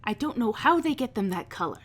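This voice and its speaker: A woman's voice: fairly high pitch, big pitch swings, a little fast, pitched above the performer's own voice. A woman voicing a brash, eccentric female boss with a grand, theatrical manner in a tabletop game. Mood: gushing.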